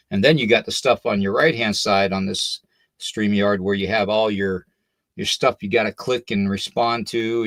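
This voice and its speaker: Older man, podcast host, low voice, tired, slightly out of breath, rambling chatty livestream talk, dry close sound. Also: fairly bright tone, no room sound. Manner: rambling, chatty, greets viewers by name.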